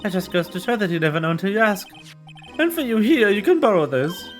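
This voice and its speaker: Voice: medium pitch, animated, quick pace, soft background music, pitched above the performer's own voice, lightly acted. A streamer voicing a jovial, boastful older male police chief in a video game, speaking in a hearty, showy way. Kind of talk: reading game dialogue aloud on stream.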